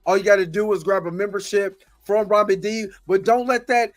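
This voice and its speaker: A livestream host from the US speaks briskly, his voice sitting high with fairly even intonation. He offers impassioned, frustrated commentary, repeating himself and thanking viewers by name.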